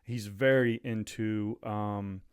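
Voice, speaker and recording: A man co-hosting a podcast, chatting in an easygoing, halting way about a family outing. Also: on the low side, steady tone, smooth, no echo, clean studio sound. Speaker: podcast co-host. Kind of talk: casual chat.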